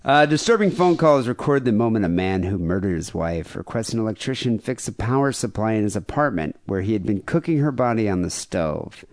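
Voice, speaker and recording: Lively, wry male podcast host. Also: on the low side, brisk, few pauses, no room sound. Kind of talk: casual comedic chat.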